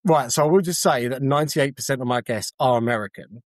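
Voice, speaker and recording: A man's voice: medium pitch, fast, no room sound. A man who works as a tour guide, answering interview questions in a polite, chatty way and explaining with examples.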